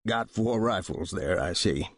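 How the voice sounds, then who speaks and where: A man's voice: low voice, animated, measured pace, no room sound, heavily acted. A man voicing a wary frontier postmaster with a dry rural drawl.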